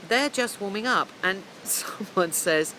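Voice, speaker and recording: A woman's voice: mid-range voice, animated, a little slow, noisy background. A middle-aged woman coach telling a long, rambling story in a casual vlog, chatting away as she goes. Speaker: business coach.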